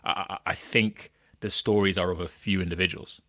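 A man's voice: low voice, steady tone, moderate pace, pushed and bright, dry recording, studio quality. A man hosting a podcast, talking in a rambling, questioning way with lots of restarts and "right?" tags. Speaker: podcast host. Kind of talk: casual chat.

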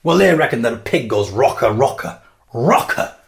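Man, wry solo podcast host, playful musing, very animated pitch. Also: moderate pace, gravelly. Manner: wry, playful, acts out mock debates.

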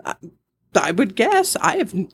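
Her fairly high, husky voice swings hugely in pitch as this middle-aged podcast co-host chats unhurriedly, rambling and giggling often. There's no echo in the recording.

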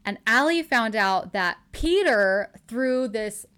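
A woman's voice: on the high side, expressive, takes it slowly, fairly bright tone, clear, resonant tone. A chatty woman host recaps a story for her co-host in easy conversation. She gushes over the scenes and laughs often as she talks. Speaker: podcast host recapping a book. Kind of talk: casual chat.

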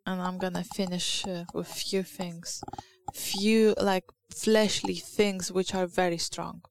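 A woman with a Lithuanian accent preaches slowly in a low, gravelly voice that stays flat. She gives an informal sermon, pausing often to search for words before reading scripture aloud. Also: slight background noise. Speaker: church speaker.

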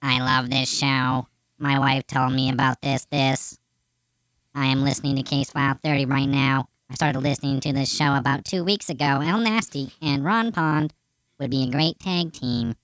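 A man putting on a monotone robot voice to read out a fan letter in a slow, stilted way. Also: mid-range voice, clear, resonant tone, no room sound, voice pushed up, close to an everyday voice. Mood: flat robotic. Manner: slow, stilted, evenly paced delivery. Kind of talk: mock robot reading.

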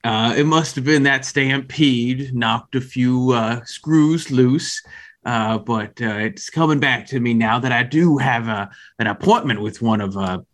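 A man puts on a folksy chicken peddler with an injured wing, drawling in a put-on accent. He fills his talk with slow "uh"s and easy salesman charm. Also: mid-range voice, close to an everyday voice. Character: folksy man selling chicken from a chuck wagon, with a hurt wing. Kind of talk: tabletop role-play in character.

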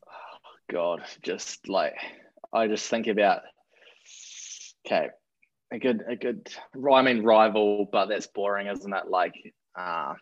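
A man being interviewed as a rugby performance director, relaxed and self-deprecating, thinking aloud as he goes. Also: lowish voice, slow pace, pauses often, dull audio. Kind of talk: interview guest.

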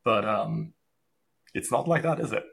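A man's voice: fairly low pitch, unhurried, gravelly, fairly bright tone, slightly rough. A man from Germany hosting a podcast, talking in a chatty, joking way with lots of fillers. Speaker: podcast host. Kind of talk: casual podcast interview.

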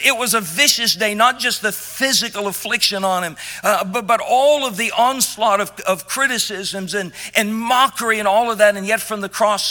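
A man preaching a sermon as pastor, emphatic and impassioned, dropping quiet at tender moments. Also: sits high. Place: church sanctuary.

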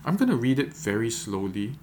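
A man leading a devotional guided meditation, gently coaching listeners step by step before reading scripture. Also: medium pitch, big pitch swings, brisk, slight background noise. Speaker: devotional leader.

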